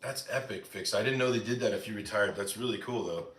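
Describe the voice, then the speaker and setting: A man's voice: on the low side, fast talker, fairly bright tone, roomy sound. A man hosting a casual live stream from the United States, chatting with viewers and answering their comments, with lots of "like" fillers. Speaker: live-stream cooking host.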